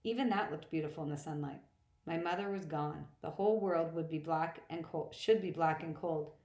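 A woman reading first-person novel narration aloud in a plain, steady manner. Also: low-pitched, normal speed. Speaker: audiobook reader. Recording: roomy echo.

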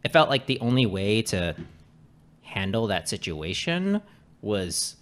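A man with a somewhat low voice talks in a loose, casual chat. He restarts his sentences often, circles around his point and swears freely as he shares his own stories. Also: sing-song, measured pace, a bit bright. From Canada. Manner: rambling, lots of restarts and swearing.

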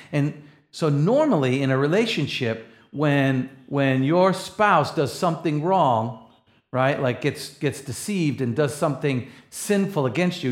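A man preaching a sermon, rising to loud, passionate peaks and then dropping to soft, low asides. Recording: echoey room.

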